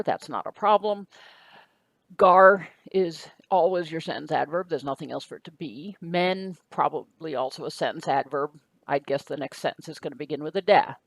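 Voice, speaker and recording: A woman's voice: low voice, no echo. A woman teaching in a recorded lecture, patient and methodical, talking through each step. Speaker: Greek teacher.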